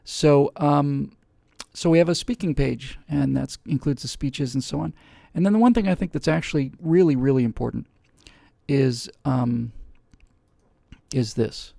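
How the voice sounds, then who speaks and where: A man's voice: mid-range voice, a little slow, vocal fry, dark tone, dry recording, studio quality. A man hosting a live webcast, talking casually and rambling with many fillers and restarts. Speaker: host.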